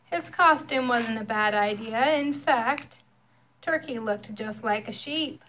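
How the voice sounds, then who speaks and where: A young mother reading a picture book aloud to her child, expressive and storytelling. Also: a little high, takes it slowly, slight background noise.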